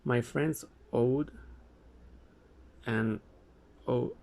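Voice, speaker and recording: A man reading a memoir aloud, in a halting way with frequent stumbles and self-corrections. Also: medium pitch, gravelly, darkish tone. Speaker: amateur reader.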